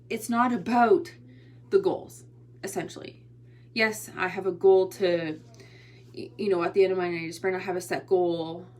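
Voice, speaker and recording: A tired woman hosting a casual motivational livestream, chatty and rambling, often restarting her sentences. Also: fairly low pitch. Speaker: motivational host and online entrepreneur.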